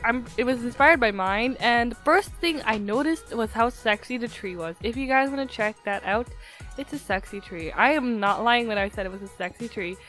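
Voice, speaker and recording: A young woman giving casual gameplay commentary, hyper and giggly, slightly altered pronunciation from a retainer. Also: on the high side. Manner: hyper, giggly, excitable, swings between loud shrieks and muttering. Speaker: gaming YouTuber. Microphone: desktop mic, no face cam.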